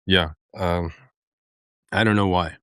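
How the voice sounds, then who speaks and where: A man co-hosting a podcast in casual chat, rambling and hesitant with many pauses. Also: low-pitched, fairly even intonation, fairly bright tone, clean tone, dry recording, studio quality. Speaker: podcast co-host.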